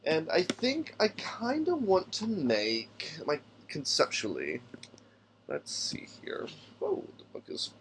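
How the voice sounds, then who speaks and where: A man's voice: on the high side, huge pitch swings, slow, background noise. A man hosting a tabletop game podcast, thinking aloud as he builds a character and reads out rulebook passages, sometimes stumbling over names. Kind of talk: casual solo character-building talk.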